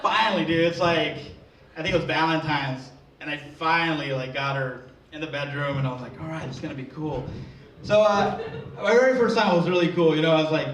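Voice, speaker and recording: Talking fairly quickly in a bright, slightly high voice, a young stand-up comedian works through a crude, self-deprecating, swear-filled routine before a live audience at a comedy venue. There's a little hiss or hum, with a distant mic, an echoey room, and crowd laughter.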